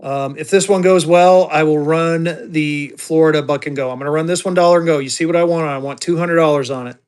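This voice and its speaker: A man's voice: a little high, fairly even intonation, brisk, a little mellow, clean tone. Chatty man running a live auction. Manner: chatty, thinks aloud, calls viewers y'all. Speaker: livestream auction seller. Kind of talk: casual live-sale chatter.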